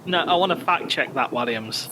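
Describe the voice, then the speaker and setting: A man's voice: fairly high pitch, expressive, moderate pace, background noise. A young man co-hosting a podcast, telling stories in a chatty way and laughing easily. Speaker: podcast co-host. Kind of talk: casual chat.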